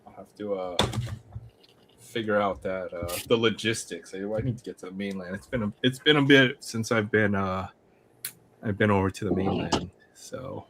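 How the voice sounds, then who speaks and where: A man's voice: fairly low pitch, moderate pace, fairly bright tone, slight background noise. A man in casual chat, easygoing and agreeable.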